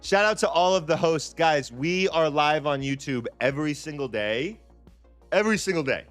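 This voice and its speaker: Smooth-voiced, laid-back male stream host. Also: on the high side, expressive, moderate pace, a bit bright, faint music behind. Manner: loose and chatty, repeats phrases, stumbles and restarts. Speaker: livestream trading host. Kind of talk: casual live-stream chat.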